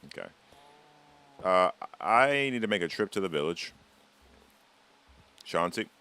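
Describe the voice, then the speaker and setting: A man's voice: deep voice, lively intonation, a little slow, pushed and bright, clean tone. A man streaming a game live, chatting casually with his viewers in a rambling, teasing way and swearing freely. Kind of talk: casual live-stream chat while gaming.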